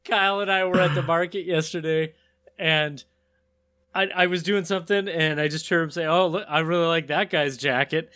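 A man's voice: a little high, steady tone, moderate pace, pushed and bright. Chatty man riffing with laughs. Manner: rambling, laughs often, many fillers. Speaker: podcast co-host. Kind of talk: casual comedic riffing.

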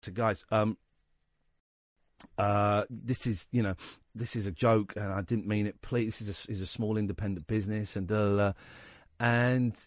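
A man's voice: lowish voice, steady tone, moderate pace, no echo. A man hosting a radio talk show in the studio, telling a rambling anecdote full of quoted voices. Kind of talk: casual radio chat, storytelling.

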